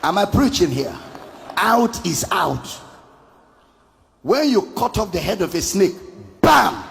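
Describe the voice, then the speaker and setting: A man preaches in a high, swooping voice with a gravelly edge. His delivery is emphatic and sing-song, driving points home by repetition. The sound carries the long reverb of a large hall. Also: expressive, a little slow, slight background noise. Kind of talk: sermon.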